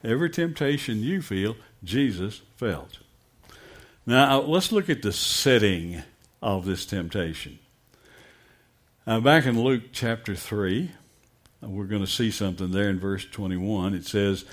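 A man's voice: fairly low pitch, unhurried. A middle-aged pastor preaching a sermon, emphatic and asking his congregation direct questions.

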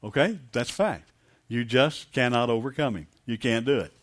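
A man's voice: medium pitch, expressive, normal speed. A man preaching a sermon, calling on the congregation for amens and building to emphatic peaks. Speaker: pastor.

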